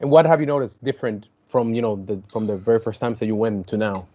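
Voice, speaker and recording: A man's voice: on the low side, fast, warm tone. A man talking as a podcast guest in a casual, hesitant way, with lots of fillers and restarts. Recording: dull lo-fi sound.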